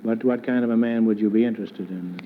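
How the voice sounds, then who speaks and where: Wisecracking quiz host on a tinny old broadcast. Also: male voice, lowish voice, fast talker, a little hiss or hum. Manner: wisecracking, teasing. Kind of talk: wisecracking game show banter. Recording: tinny 1950s broadcast recording.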